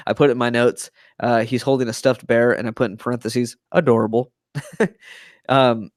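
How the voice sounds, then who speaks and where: A young man hosting a casual movie review podcast, excitedly retelling scenes and acting out the characters' lines. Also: medium pitch, no echo, clean studio sound. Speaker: podcast host.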